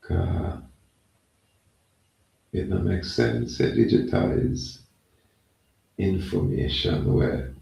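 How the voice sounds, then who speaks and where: A man with a Jamaican accent talking in a loose, rambling monologue, often saying "yeah, man". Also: warm tone. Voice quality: gravelly, low and slow. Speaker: channel host. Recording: echoey room, mic at a distance.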